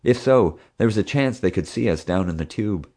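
A man with a very low voice reads a story aloud as narrator. His delivery is steady and scripted, in the manner of an audiobook. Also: a little fast.

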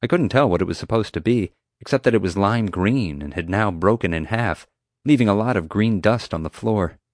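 Deep-voiced male audiobook narrator. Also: brisk, no echo, studio quality. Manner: steady, clear storytelling.

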